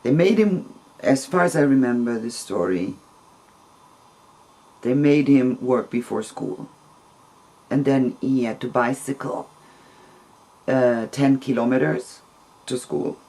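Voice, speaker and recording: A man telling a long personal story in a casual, rambling, gentle way, with soft laughs between phrases. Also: mid-range voice, slow, pauses often.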